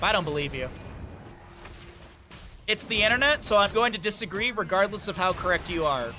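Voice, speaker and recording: A man casting an esports match solo, excitable on big plays and joking with chat between them. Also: sits high, normal speed, pauses often, slight background noise. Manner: chatty, jokes with viewers between plays. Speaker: esports caster. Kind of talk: solo play-by-play commentary with chat asides.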